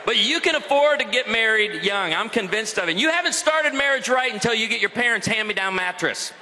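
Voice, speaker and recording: A man's voice: sits high, brisk. A man giving a humorous sermon to a live audience, telling stories with lots of energy. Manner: energetic, joking storyteller. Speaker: guest speaker. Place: large university auditorium. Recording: long hall reverb, faint noise.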